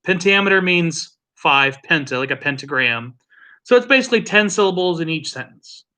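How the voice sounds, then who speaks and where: A man's voice: on the high side, lively intonation, normal speed, bright, forceful tone. A man hosting a casual drinks livestream, rambling and joking with profane asides. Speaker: livestream host.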